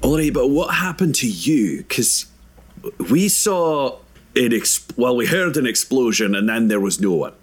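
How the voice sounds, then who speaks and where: A man's voice: mid-range voice, lively intonation, unhurried, breathy edge. A man speaking in character in a tabletop game, blunt and questioning with casual swearing. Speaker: player.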